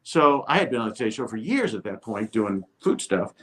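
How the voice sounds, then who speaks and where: An older man, a TV host appearing as a guest, telling a lively anecdote and acting out the people he quotes. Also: on the low side, brisk. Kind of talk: storytelling anecdote.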